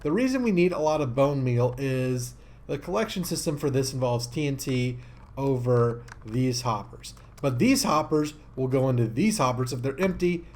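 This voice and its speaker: A man giving casual gameplay commentary as a let's-play host, rambling and easily excited, with many fillers. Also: mid-range voice, slight background noise.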